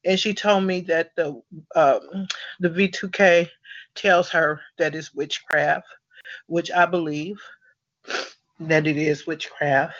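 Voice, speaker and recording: A man hosting a support conference call, speaking in an earnest, halting, apologetic way over a phone. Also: fairly high pitch, steady tone, a bit bright, no echo, lo-fi sound.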